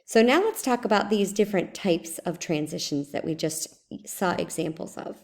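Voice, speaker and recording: Brief: female teacher, slightly low voice, methodical screencast lesson, reads examples aloud. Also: lively intonation, normal speed, a little mellow. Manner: explains step by step, repeating example sentences aloud.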